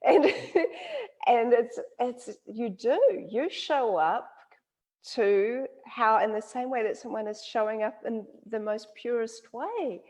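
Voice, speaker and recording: Lively New Zealand woman telling stories. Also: a little high, takes it slowly. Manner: animated storyteller, laughs often. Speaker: interview host. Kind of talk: casual conversational interview.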